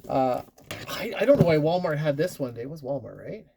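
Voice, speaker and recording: In casual chat, a married adult man shows off his latest purchases as a collector, rambling, restarting words and poking fun at himself. His voice is fairly high, sing-song, brisk and gravelly, with heavy background noise behind it.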